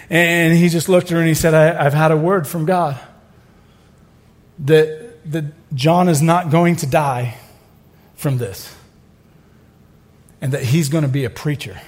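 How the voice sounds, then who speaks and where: A middle-aged male pastor preaching a sermon, telling stories with joking asides and building to loud exclamations. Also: fairly high pitch.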